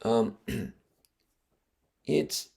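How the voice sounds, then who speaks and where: A man, a martial arts grandmaster hosting a podcast, tells stories in a casual, animated way, stressing key words and often restarting with fillers. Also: medium pitch, extremely slow, creaky, slightly rough. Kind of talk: casual storytelling.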